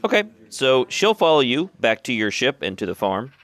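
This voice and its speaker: A man's voice: mid-range voice, sing-song, moderate pace, fairly bright tone. A man narrating and calling for rolls as a tabletop game master.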